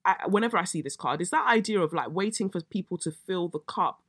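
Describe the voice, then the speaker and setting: A woman, hosting a casual solo podcast, a little croaky, telling stories with swearing and dramatic outbursts. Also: on the low side, fast, no room sound, clean studio sound. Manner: animated storytelling, swearing, bursts of exaggerated shrieking. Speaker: podcast host.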